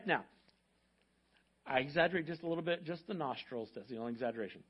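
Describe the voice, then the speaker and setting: A male pastor telling a story in a sermon, in a conversational way that moves between hushed and loud. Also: on the high side, fast talker, breathy edge, muffled recording. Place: church sanctuary.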